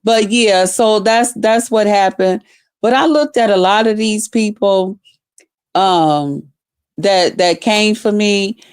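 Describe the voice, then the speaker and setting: A woman's voice: medium pitch, slow pace, smooth. A woman ranting profanely on a livestream, cursing heavily and trash-talking as she repeats herself. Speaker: livestream host.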